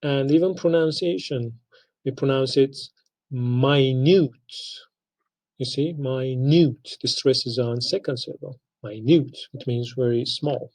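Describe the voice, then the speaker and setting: Male instructor, unhurried lecture delivery, creaky gravelly tone. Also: medium pitch, mellow, rough recording. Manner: slow, deliberate, spells out pronunciations. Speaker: English language instructor. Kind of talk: recorded lecture.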